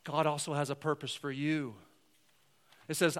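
A man with a fairly high, smooth, resonant voice preaches a sermon. He talks to the congregation in a conversational, earnest way, rising to loud emphasis and dropping to quiet asides. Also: animated, a little slow. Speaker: pastor.

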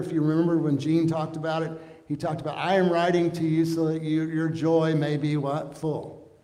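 A man preaching with a fairly high voice, earnest and conversational, tossing out questions to his listeners. His voice rings through a church hall with a long, echoing reverb. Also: mellow. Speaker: pastor. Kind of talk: sermon.

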